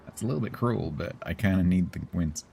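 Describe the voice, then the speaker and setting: A man's voice: low-pitched, a little fast, gravelly, warm tone, a little hiss or hum. A man, chatting casually on a live stream, answering chat and chuckling often.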